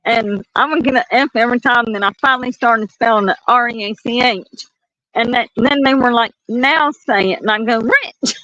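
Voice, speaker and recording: A woman's voice: fairly high pitch, fairly even intonation, sharp tone, no echo, highs cut off. Southern woman chatting on her phone. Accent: Southern US, North Carolina mountains. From North Carolina mountains. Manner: chatty and laughing, drawn-out stories. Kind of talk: casual chat. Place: outdoors at night, walking.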